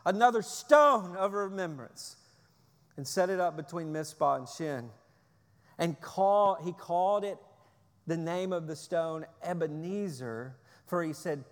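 A man's voice: a little high, a little slow, big-room sound. A man preaching a sermon, emphatic and repeating key phrases for stress. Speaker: pastor.

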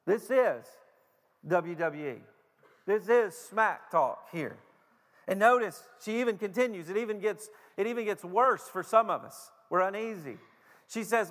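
High-voiced preacher in a reverberant hall. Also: male voice, expressive, fairly bright tone. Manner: emphatic preaching with repeated stutters and slowed, stressed phrases. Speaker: pastor. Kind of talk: sermon.

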